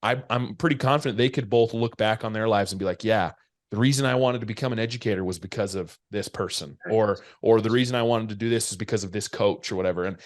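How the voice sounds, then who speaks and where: A man's voice: fairly low pitch, quick pace. A man hosting a podcast, reacting to his guest in a casual, rambling, enthusiastic way. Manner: enthusiastic, rambling with repeated words. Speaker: podcast host. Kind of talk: casual interview chat.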